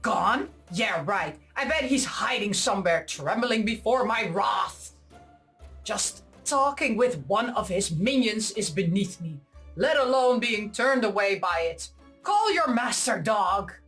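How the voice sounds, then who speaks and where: A woman's voice: medium pitch, expressive, measured pace, a bit bright, faint music behind. A woman voicing an arrogant horned male demon in a visual novel, speaking with haughty contempt.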